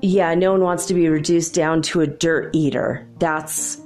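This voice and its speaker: Woman medium, casual and giggly, relaying spirit messages; low-pitched, faint music underneath. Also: fairly even intonation, unhurried, a little mellow. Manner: chatty, giggly, relays spirit voices in quotes. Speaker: psychic medium channeling spirits. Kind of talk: casual live channeling session.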